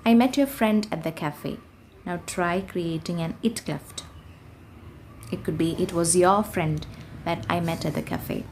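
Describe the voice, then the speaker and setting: A woman's voice: on the low side, measured pace, darkish tone, slight background noise. A woman teaching an online grammar class, explaining patiently and reading out example sentences.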